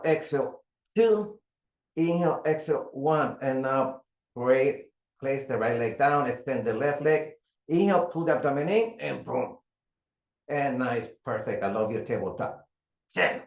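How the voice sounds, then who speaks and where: A man in his seventies leading an at-home mat exercise class, counting reps and giving calm breathing cues. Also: fairly high pitch. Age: 70s. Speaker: fitness instructor. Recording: roomy, dull home recording.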